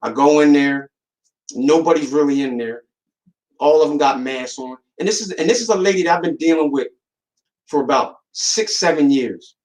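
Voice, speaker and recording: A man's voice: normal speed, rough recording. Emphatic man telling a story. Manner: animated, rising in pitch when recounting dialogue; emphatic and repetitive. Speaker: podcast host. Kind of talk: casual storytelling monologue.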